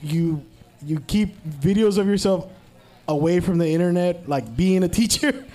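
A man's voice: sits high, expressive, unhurried, warm tone. A man hosting a live podcast in a bar, joking around and stumbling into his questions. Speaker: podcast host. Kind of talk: casual live interview banter.

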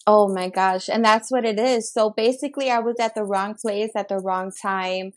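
A young woman from Chicago, a podcast guest, telling her life story in casual, animated talk and acting out what people said. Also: medium pitch, moderate pace. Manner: animated, acts out quotes in her own voice.

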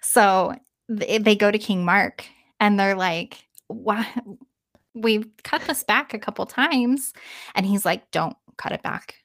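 Animated woman retelling a legend. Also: mid-range voice, slow pace, dry recording, clean studio sound. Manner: animated retelling, laughs often. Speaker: podcast co-host. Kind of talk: casual storytelling chat.

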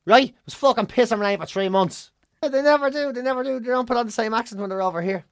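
A man's voice: extremely high pitch, quick pace, clean tone, no echo, clean studio sound. A middle-aged man with a Dublin accent, co-hosting a podcast in casual chat, blunt and ranting, swearing freely. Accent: Dublin Irish. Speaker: podcast co-host.

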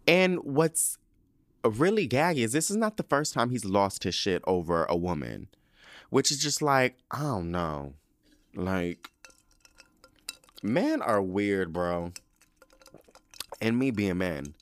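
A man's voice: fairly low pitch, sing-song, slow pace, long pauses, no echo, clean studio sound. A man hosting a podcast, recapping a show in casual, sassy, profane chat full of slang while sipping a drink. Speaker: podcast host.

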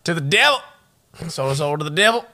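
A man's voice: a little high, animated, fast talker, creaky, sharp tone. A man co-hosting a casual comedy podcast, joking, swearing and laughing often. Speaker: podcast co-host.

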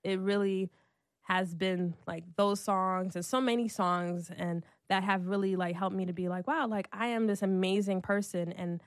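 A woman's voice: mid-range voice, fairly even intonation, moderate pace, dry recording, clean studio sound. A woman in her thirties in a casual, heartfelt conversation, chatty, leaning on "like" a lot and laughing often. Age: 30s.

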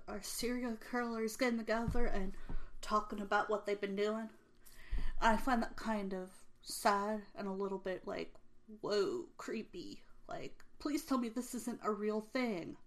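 Earnest woman chatting about true crime. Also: medium pitch. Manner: earnest and emotional, many fillers. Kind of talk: casual true crime chat.

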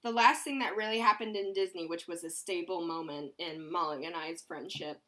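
A woman's voice: on the low side, normal speed, sharp tone. A young woman co-hosting a podcast, telling a story in casual chat, swearing freely and laughing often with exasperation. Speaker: podcast co-host.

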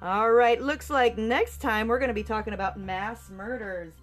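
A woman's voice: on the high side, moderate pace, soft background music. A woman hosting a casual true-crime podcast from home, chatty and opinionated, talking straight to her listeners. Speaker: podcast host. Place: home room with pets and a rooster nearby.

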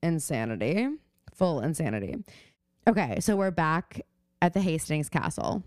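A woman's voice: low-pitched, sing-song, moderate pace, a little mellow, no echo. A young woman co-hosting a podcast, chatting casually and swearing freely as she acts out quotes. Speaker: podcast co-host. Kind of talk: casual recap chat. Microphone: remote call mic.

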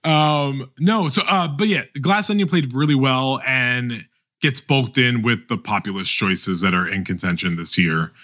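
A man hosting a podcast, talking animatedly in a casual roundtable chat with many quick restarts. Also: medium pitch, steady tone, pushed and bright. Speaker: podcast host.

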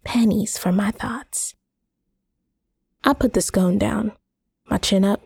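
Woman narrator, measured and wry; slow, gravelly, dry. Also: medium pitch, darkish tone, dry recording. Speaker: reader. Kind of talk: first-person short story narration.

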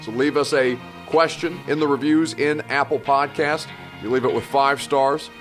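A man's voice: medium pitch, fairly even intonation, moderate pace, soft background music. A male podcast host giving a heartfelt, thankful sign-off to his listeners, a little emotional. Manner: earnest, thankful, slightly emotional.

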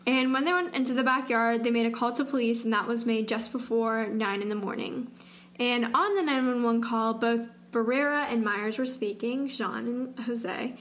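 A woman's voice: fairly high pitch, moderate pace, a bit bright. A young woman with a slight Southern twang co-hosting a podcast, recounting a case in casual chat full of "like" and restarts. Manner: chatty, heavy use of "like", trailing restarts. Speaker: podcast co-host. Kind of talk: casual true-crime chat.

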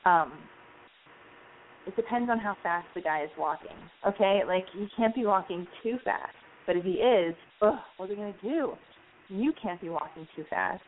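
A woman's voice: medium pitch, moderate pace. A woman hosting a casual advice chat, talking loosely and acting out little scenes. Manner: chatty, acts out scenes with quoted voices. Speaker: advice show host. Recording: tinny phone-like sound with faint noise.

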